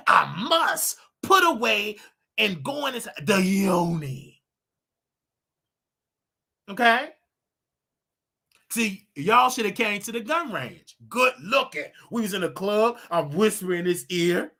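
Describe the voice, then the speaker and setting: A man hosting his own livestream show, talking casually in a preachy, animated way with laughing asides. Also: sits high, slow pace, vocal fry.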